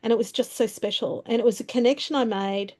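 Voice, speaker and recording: Mellow-voiced woman telling stories. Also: fairly high pitch, quick pace. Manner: warm anecdotal, many fillers and restarts. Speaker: webinar presenter. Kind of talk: storytelling talk.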